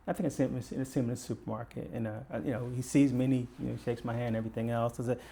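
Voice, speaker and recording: He talks very fast in a gravelly, mellow, medium-pitched voice that barely moves in pitch. An older retired detective from Baltimore, he's a guest storyteller who vividly acts out the dialogue of the people he describes.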